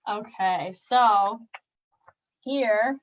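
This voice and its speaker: A young adult woman who works as a speech-language pathologist gives parents a relaxed lesson on early reading, thinking aloud with lots of "um"s. When she reads from a children's book she turns lively and singsong. Her voice is mid-range with drawn-out words, and the recording is muffled but free of echo.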